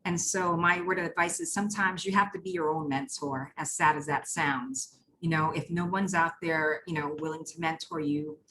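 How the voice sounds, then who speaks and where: A woman's voice: deep voice, steady tone, moderate pace, few pauses, noisy background. A woman panelist and Army veteran giving reflective advice, with many fillers. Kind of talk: panel discussion.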